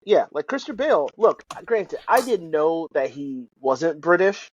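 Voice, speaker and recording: Husky higher-voiced man, lo-fi podcast. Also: sing-song, measured pace. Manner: swearing, filler-heavy rambling. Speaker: podcast co-host. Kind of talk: casual chat.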